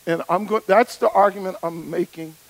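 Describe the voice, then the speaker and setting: A man preaching a sermon, emphatic, with rhythmic repetition and a gravelly voice. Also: high-pitched, fairly even intonation, normal speed, poor audio.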